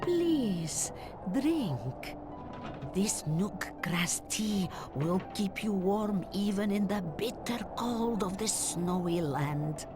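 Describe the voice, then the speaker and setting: A man voicing a kindly old mountain woman who grows herbs, speaking gently. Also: high voice, sing-song, voice pushed up, exaggerated voice. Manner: slow, gentle, grandmotherly. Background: game music.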